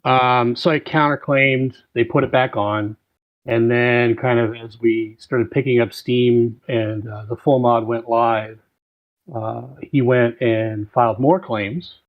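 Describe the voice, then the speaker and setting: Podcast guest, male, mid-pitched, steady explainer with lots of uhs, muffled remote mic. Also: slow pace. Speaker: guest mod developer. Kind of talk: casual podcast chat.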